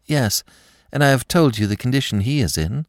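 Male reader voicing a frightened young woman, high, anxious, pleading, dry audiobook sound. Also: lively intonation, normal speed, dry recording, natural voice. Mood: fearful. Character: frightened young French woman, about twenty.

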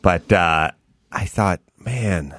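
A man's voice: mid-range voice, sing-song, moderate pace, a bit bright, no room sound. A middle-aged man hosting a podcast, telling a rambling, self-deprecating story on a close studio mic. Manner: rambling, self-deprecating, quotes his own thoughts. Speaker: podcast host. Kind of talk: casual storytelling chat.

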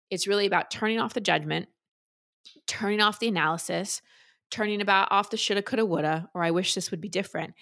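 A woman's voice: on the low side, a bit bright. A woman guest in an interview, earnestly explaining how to release feelings and acting out the voices of the people she quotes. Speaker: guest, emotional wellness teacher. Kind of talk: conversational interview answer.

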